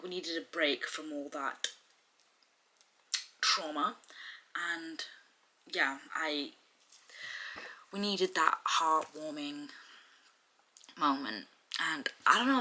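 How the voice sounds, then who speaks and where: A bright-toned young woman talks through her reading in a casual vlog. Her voice sits a little low for a woman and is relaxed and chatty, with plenty of everyday fillers. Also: slight background noise, poor audio. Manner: chatty, reacts aloud while reading. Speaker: book vlogger.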